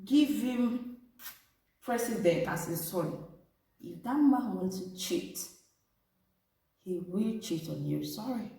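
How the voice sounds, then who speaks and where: A woman vlogger telling a personal story and giving relationship advice straight to her viewers, animated and talking to them as "ladies". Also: mid-range voice, takes it slowly, vocal fry, long pauses. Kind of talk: casual storytelling to camera. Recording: echoey room, distant from mic.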